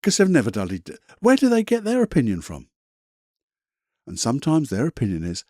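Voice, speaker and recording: A man's voice: mid-range voice, wildly swooping pitch, a little fast, darkish tone, no room sound, clean studio sound. A man hosting a self-help podcast, talking in a blunt, chatty, motivational way with the odd mild swear. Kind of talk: casual motivational monologue.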